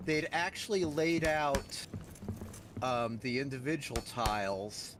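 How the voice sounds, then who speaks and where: A man chatting casually during a game stream, explaining a building idea in an unhurried, rambling way with many fillers. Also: mid-range voice, expressive, noisy background. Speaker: co-player offering tips. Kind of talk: casual chat.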